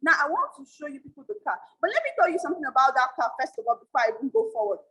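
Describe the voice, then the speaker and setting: High-voiced, fast young Nigerian woman. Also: sing-song, a bit bright, low-quality recording. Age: young adult. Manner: emphatic, repeats lines for effect. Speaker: motivational speaker. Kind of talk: motivational talk to an audience.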